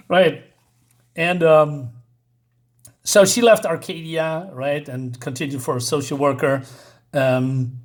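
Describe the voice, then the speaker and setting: A man's voice: a little high, steady tone, slow, long pauses. A man casually reviewing a comic book, reading the dialogue aloud in loose voices and laughing often.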